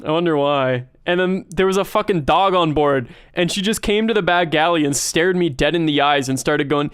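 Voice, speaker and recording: A man telling stories casually on a livestream, animated and profane, often laughing. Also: fairly high pitch, normal speed, hardly any pauses, clear, resonant tone, dry recording, studio quality. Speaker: streamer.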